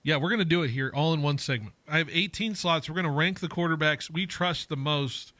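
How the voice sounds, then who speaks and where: Bright, chatty male sports radio host. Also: on the high side, a little fast, no room sound. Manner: chatty, rambling, self-interrupting. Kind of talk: casual sports talk. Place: radio studio.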